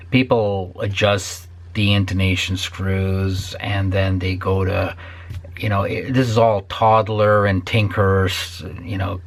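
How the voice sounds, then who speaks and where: Older male luthier, slow profane rant with a low husky voice, now and then whispered. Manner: profane ranting, trailing into whispers. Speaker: guitar builder. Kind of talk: ranting vlog to camera.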